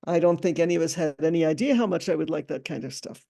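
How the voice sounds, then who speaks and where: A woman telling a personal story at a memorial gathering, halting and repeating phrases as she goes. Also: deep voice, creaky, warm tone. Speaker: memorial speaker.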